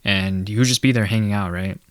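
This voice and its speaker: A man's voice: fairly low pitch, fairly even intonation, brisk, clean tone, no room sound, studio quality. Blunt young man ranting casually. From Asia. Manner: rambling, filler-heavy, blunt and sardonic. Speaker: commentary video host. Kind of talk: casual rant monologue.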